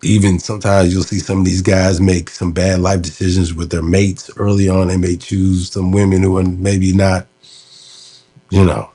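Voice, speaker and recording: A man's voice: deep voice, little pitch movement, normal speed, warm tone, breathy edge. A man casually recalling an interview he did, talking loosely with many fillers. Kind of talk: casual storytelling commentary.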